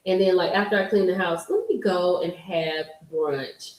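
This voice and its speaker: A woman's voice: mid-range voice, normal speed, few pauses. A woman in her forties hosting a live stream, chatting casually and telling stories straight to her viewers. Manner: chatty storyteller addressing viewers directly. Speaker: livestream host. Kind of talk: casual gossip livestream chat. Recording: roomy echo.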